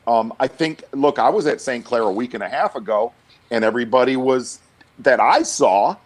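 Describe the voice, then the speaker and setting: A man's voice: medium pitch, moderate pace. A middle-aged man, talking bluntly on a casual podcast, stammering and restarting as he goes. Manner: blunt, animated, lots of restarts and stammered repeats. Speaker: guest.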